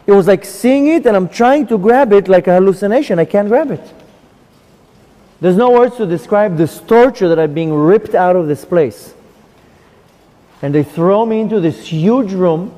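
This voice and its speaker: A man's voice: high-pitched, dark tone, in a large hall. A rabbi, a man, telling of his near-death experience, emphatic and repeating phrases for effect.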